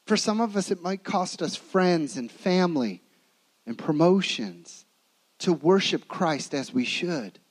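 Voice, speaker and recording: A man preaching a sermon, telling the story dramatically and swinging between emphatic lines and hushed ones. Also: high-pitched, lively intonation, unhurried, poor audio.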